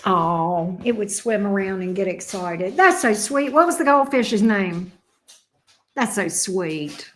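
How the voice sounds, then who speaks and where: A woman's voice: medium pitch, lively intonation, slow, a little hiss or hum. A middle-aged woman, chatting playfully with her viewers as a tarot reader and laughing often. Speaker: tarot reader hosting a livestream. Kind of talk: casual chat with viewers.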